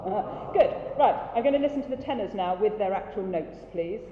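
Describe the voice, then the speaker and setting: A woman coaching a choir through a rehearsal, brisk and encouraging, demonstrating sounds as she goes. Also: medium pitch, expressive, background noise. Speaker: choir director. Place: large rehearsal hall. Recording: dull roomy hall recording, faint ambience.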